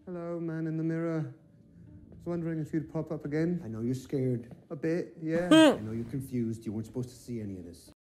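An actor playing a confused man who speaks quietly to his own reflection in a series clip, with music underneath. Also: on the high side, a little fast, close to an everyday voice. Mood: tense. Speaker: character in a TV series. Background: background score.

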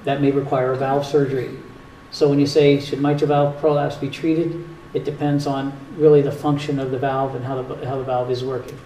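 A cardiologist with a Northern US accent gives a health talk with audience Q&A in a retirement home's community hall. His medium-pitched, dark voice is level and fairly quick, and he explains things plainly and patiently with dry jokes. The distant mic picks up echo and faint hiss.

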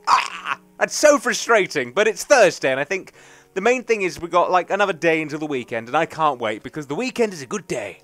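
A man's voice: fairly high pitch, very animated, a little fast, a bit bright, no room sound. A young man, rambling and joking through casual let's play commentary. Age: young adult. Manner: rambling, chatty, jokey. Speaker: gaming commentator.

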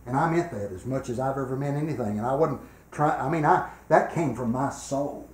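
Older preacher, loud then hushed. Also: male voice, medium pitch, brisk. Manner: swings between loud emphatic preaching and quiet storytelling. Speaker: revival preacher. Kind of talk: revival sermon with personal stories. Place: church sanctuary. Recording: echoey church room.

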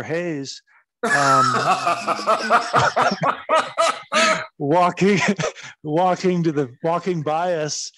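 A man in his forties recounts his wrestling days in a loose, meandering way, peppering his talk with "like" and "you know" and plenty of swearing. His voice sits slightly high for a man. The recording is dry and close, with no room echo. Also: animated, extremely slow, pauses often, sharp tone. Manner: rambling, profane, full of fillers. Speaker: guest, former wrestler. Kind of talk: casual storytelling interview.

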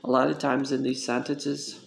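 A man's voice: mid-range voice, level tone, vocal fry, slight background noise. A man teaching an informal Spanish lesson, repeating words for practice and often stopping to correct himself. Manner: slow, self-correcting, repeats words for drill. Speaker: Spanish tutor.

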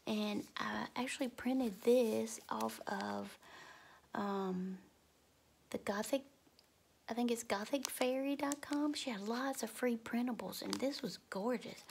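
A woman, talking in a soft half-whisper at home as she shows her craft work. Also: on the high side, a little slow, creaky, a little hiss or hum. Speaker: craft vlogger. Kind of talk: crafting show-and-tell. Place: home, early morning.

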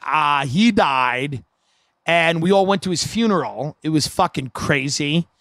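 Casting: comedian host, higher man's voice, dry close sound, rambling storyteller. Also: a little slow, no room sound. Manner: rambling, animated anecdote telling.

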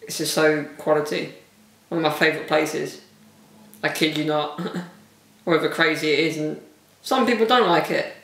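A man's voice: fairly high pitch, fairly even intonation, moderate pace, long pauses, sharp tone, far from the mic. A man hosting a casual solo podcast, talking candidly and rambling with frequent laughs, his voice wearing thin. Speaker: vlogger and podcast host. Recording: echoey room, mic set back.

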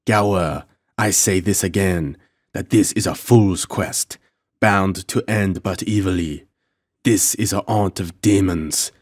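A man's voice: deep voice, slow pace, no echo, clean studio sound. A man voicing a moody, superstitious French pirate in an audiobook, speaking gloomily.

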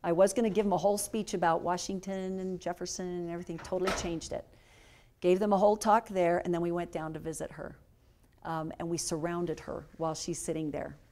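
A middle-aged woman speaker telling a personal story to a lecture audience, earnest, with many fillers, dropping to a hush at moving parts. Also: fairly low pitch, little pitch movement, a little fast, slight background noise. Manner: earnest, hushed when moved, many fillers. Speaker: guest speaker. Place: lecture hall.

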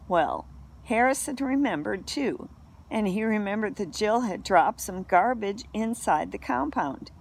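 A woman reads a children's novel aloud at a slow, steady pace. Her voice has a gravelly, creaky texture and an unhurried narrating manner. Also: medium pitch. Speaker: reader.

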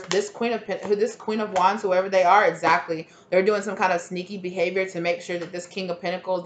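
A woman giving a casual tarot reading, rambling with lots of "like" and sudden exclamations. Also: on the low side. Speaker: tarot reader.

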